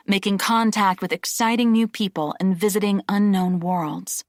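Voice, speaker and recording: A woman reading a novel aloud as an audiobook narrator, steady and measured. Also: lowish voice, no room sound, clean studio sound. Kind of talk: scripted narration.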